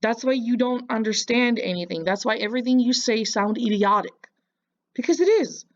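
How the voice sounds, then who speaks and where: A woman's voice: on the high side, normal speed, highs cut off. A woman giving casual reaction commentary, mocking and lecturing the person in a clip.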